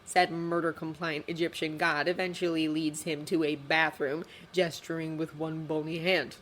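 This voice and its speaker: A woman with a fairly low voice reading fanfiction aloud. She narrates expressively, shaping each sentence as a story. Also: flat delivery, moderate pace, a bit bright, slight background noise. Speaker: fanfiction reader.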